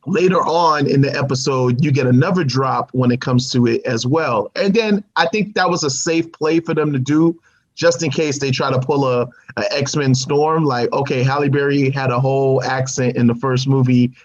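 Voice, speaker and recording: A man co-hosting a TV review show in casual chat, animated and laughing often, repeating himself as he talks. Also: medium pitch, moderate pace. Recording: dull lo-fi audio.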